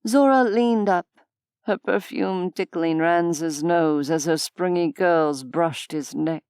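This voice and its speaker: A woman narrating an audiobook in a measured, even storytelling manner. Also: sits low, smooth, no echo, studio quality. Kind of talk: scripted narration.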